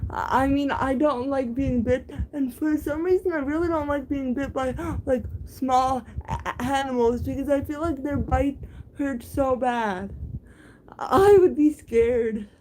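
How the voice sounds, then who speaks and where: High-voiced woman, slow stammering chat. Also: darkish tone, a little hiss or hum, low-quality recording. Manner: stammering, frequent restarts and giggles. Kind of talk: casual chat.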